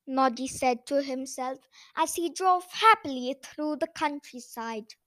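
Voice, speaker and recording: A woman hosting a children's bedtime story show, reading aloud in a gentle, expressive storybook manner. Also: sits high, a little slow, dry recording. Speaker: storyteller host.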